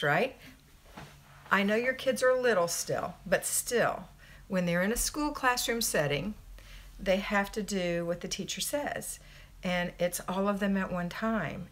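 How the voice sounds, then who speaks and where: A woman's voice: medium pitch, a bit bright. Chatty woman hosting a home livestream. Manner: chatty and upbeat, reads out viewer names. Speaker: homemaking coach and livestream host. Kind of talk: casual live-stream chat, greeting viewers then giving advice.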